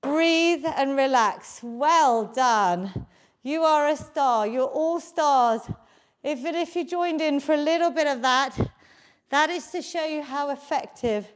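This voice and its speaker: A woman leading a live home workout, encouraging everyone and counting the reps aloud. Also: sits high. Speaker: fitness instructor. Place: home basement.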